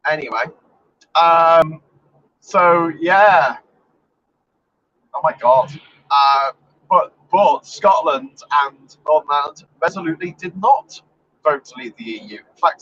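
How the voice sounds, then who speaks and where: A man's voice: a little high, fairly bright tone, husky, lo-fi sound. A man, talking to his live stream from inside his car as he drives, rambling in a sarcastic, swearing, offhand way. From England. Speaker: vlogger. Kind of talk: casual live-stream driving monologue. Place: inside a car while driving.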